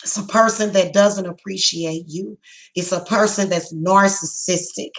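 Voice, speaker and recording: A woman giving a psychic reading, speaking bluntly and emphatically, heated and repetitive, slowing down to stress her words. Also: mid-range voice, steady tone, rough recording. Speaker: psychic reader. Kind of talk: tarot reading monologue.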